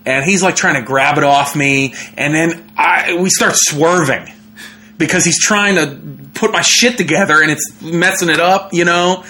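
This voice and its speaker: A young man, a comedian, telling a story in a casual, animated way, with lots of fillers and laughter. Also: a little high, a little slow. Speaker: comedian guest.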